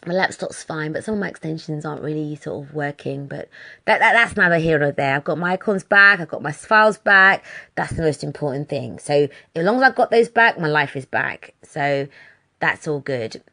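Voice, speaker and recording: A woman's voice: deep voice, expressive, moderate pace, creaky, pushed and bright. A woman vlogging in a chatty, exasperated way, swearing freely as she tells a story. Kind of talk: casual monologue.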